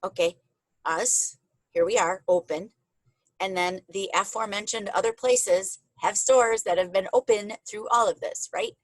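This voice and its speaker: A woman's voice: medium pitch, a little slow, no room sound, poor audio. A woman hosting a casual video call, chatty and openly emotional with her guests. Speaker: host.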